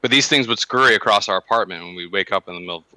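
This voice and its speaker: Bright, forceful low-voiced man. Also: very fast, no room sound, low-quality recording. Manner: animated, with exaggerated comparisons. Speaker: podcast co-host. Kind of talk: casual chat.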